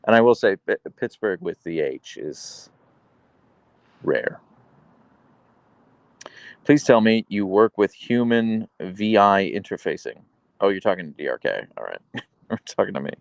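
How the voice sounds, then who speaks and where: A man's voice: low voice, very animated, a little slow, creaky, long pauses, no echo, lo-fi sound. A man live-streaming, reading viewer comments aloud in a playful, teasing, chatty way.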